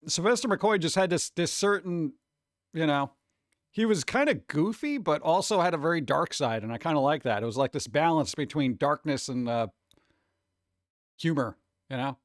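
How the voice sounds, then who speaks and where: A man's voice: a little high, lively intonation, normal speed, dry recording, clean studio sound. A man chatting casually with viewers on a live stream, rambling, humming and scatting to himself, his throat a little sore.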